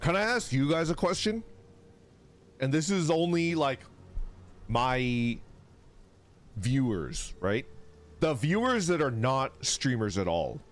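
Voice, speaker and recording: Speaking slowly in a mid-range voice with long pauses, a man chats casually with viewers on a live stream. He's lively, reads their messages aloud, and swears freely.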